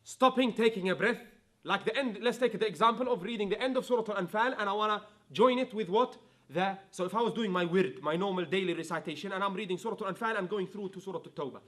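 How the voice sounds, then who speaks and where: Male tajweed teacher, high voice, patient explainer who chants example verses. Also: fast, a bit bright. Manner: explains rules, then recites verses in a melodic chanting voice; checks in with students, asking if it is clear. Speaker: Quran recitation teacher. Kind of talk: online tajweed class.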